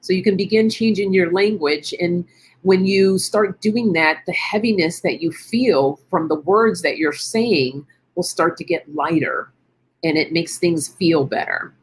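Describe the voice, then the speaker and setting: A middle-aged woman hosts a casual wellness chat on a live stream, her voice fairly low, unhurried and a little breathy. She's chatty and encouraging, thinking out loud as she answers viewers.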